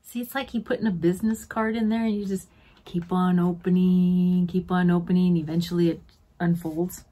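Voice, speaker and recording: A woman's voice: fairly low pitch, steady tone, moderate pace, warm tone. A middle-aged woman chatting casually as a beauty vlogger, gushing to her viewers like friends while unboxing at home.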